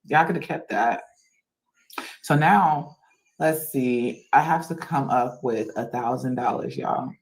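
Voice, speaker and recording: A woman's voice: extremely low pitch, slow pace, poor audio. A woman on a livestream venting her annoyance to viewers and reading chat comments aloud. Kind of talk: casual venting to a live chat.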